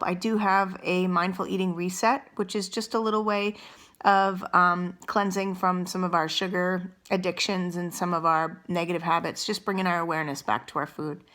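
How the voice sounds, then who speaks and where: A middle-aged woman with a bright, clear voice leads a mindful eating demonstration. She speaks slowly and gently, sometimes with her mouth full as she chews. Her pitch sits in the middle range for a woman. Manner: slow, gentle, unhurried guidance; eats and chews while talking. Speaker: wellness coach.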